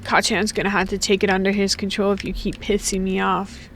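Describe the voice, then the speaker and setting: A woman's voice: mid-range voice, level tone, a little fast, fairly bright tone, slight background noise. A woman giving casual, joking, rambling commentary while playing a game, full of slang. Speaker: gaming streamer.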